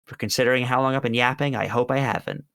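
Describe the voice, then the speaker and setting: A man wrapping up a tabletop game stream, rambling cheerfully through his plugs with a laugh at himself. His voice is smooth and resonant, recorded close and dry with no room sound. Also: medium pitch, steady tone, fast talker, a bit bright, dry recording. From United Kingdom. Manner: rambling, upbeat, self-mocking. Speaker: tabletop game player plugging his projects. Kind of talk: casual end-of-stream chat.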